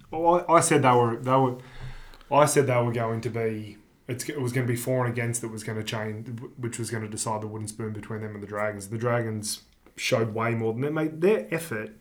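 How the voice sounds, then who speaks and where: Male co-host, mid-pitched, jokey casual podcast banter. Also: brisk. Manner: jokey, laughs often. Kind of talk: casual sports chat.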